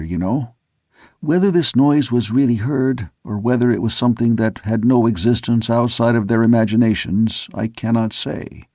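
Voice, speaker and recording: Guy narrating an audiobook, lowish voice, steady and measured, dead dry recording. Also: no echo. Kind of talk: scripted narration.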